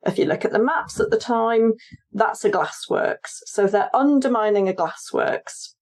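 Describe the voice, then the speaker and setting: A woman's voice: on the high side, lively intonation, unhurried, a little mellow. A woman author and historian being interviewed on a podcast, explaining her research in a chatty way and laughing easily.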